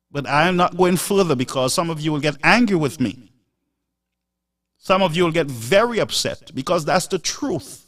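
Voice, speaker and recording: A man's voice: fairly high pitch, a bit bright. A man lectures his live-stream audience in a slightly raised voice, pressing every point home. He sounds set back from the microphone, a little distant in the room. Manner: emphatic, lecturing, rhetorical "Huh?" asides. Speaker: live show host. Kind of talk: preachy live-stream monologue.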